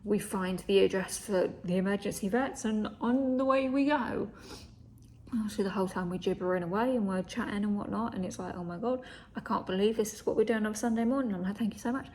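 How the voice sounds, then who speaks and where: A young woman vlogger tells a story casually, swearing freely, acting out what people said, and often dropping to a whisper. Her mid-range voice is darkish and fast, with slight background noise.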